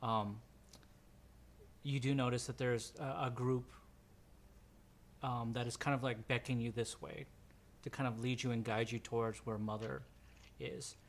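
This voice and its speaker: Man, game master, tabletop game narration, rambling, mid pitch, faint hum. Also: level tone, a little slow, pauses often. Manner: rambling, many ums and restarts.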